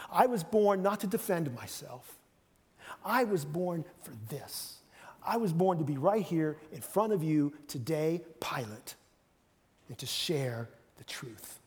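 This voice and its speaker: A man voicing Jesus as calm and solemn before a judge, speaking slowly and softly in a low voice. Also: big-room sound. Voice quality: hushed, slow, low.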